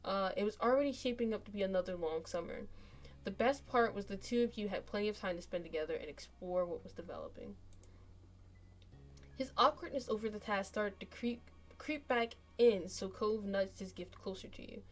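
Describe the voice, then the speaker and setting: A woman's voice: mid-range voice, a little fast. A woman streamer casually narrating a story game, reading the text aloud and chatting between passages.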